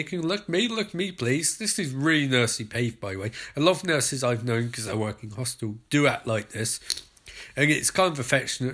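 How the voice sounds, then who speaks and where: A British man hosting a podcast, giving an excitable, sarcastic, sweary running commentary on a show. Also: mid-range voice. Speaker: podcast host.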